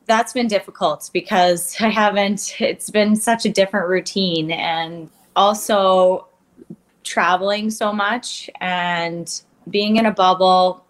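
A woman's voice: medium pitch, fairly even intonation, takes it slowly. A woman in her thirties, a curler, talking openly in a casual interview and laughing often. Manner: candid, emotional, laughs often.

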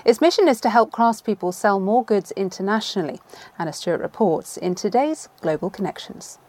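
A woman presenting a news programme in a brisk, polished way. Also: medium pitch, lively intonation, darkish tone. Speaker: news anchor.

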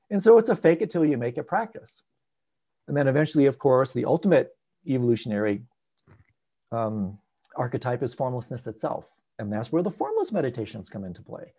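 A man teaching meditation in a live online Q&A, animated and swinging between loud bursts and soft asides, heard over a video call. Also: a little high, a little fast, slightly rough.

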